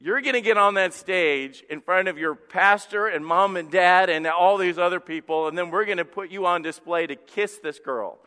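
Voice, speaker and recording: A middle-aged man, a pastor, preaching a sermon with animated, self-deprecating storytelling. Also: high voice, moderate pace, few pauses, smooth. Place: church hall. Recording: long hall reverb.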